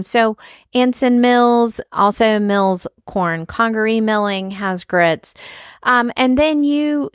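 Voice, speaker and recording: A chatty woman hosts a food podcast, her voice smooth and clear. She talks in an enthusiastic, informal way, and the sound is dry and close. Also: mid-range voice, a bit bright, no echo. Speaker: podcast host. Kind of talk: casual podcast interview and solo commentary.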